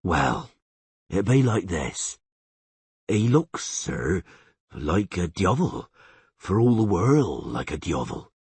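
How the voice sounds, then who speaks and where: Man reads elder, slow and earnest, husky. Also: low-pitched, sing-song, a little mellow, no echo, heavily acted. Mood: plodding. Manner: slow, plodding, folksy speech. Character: rustic old male peasant elder, slow and earnest.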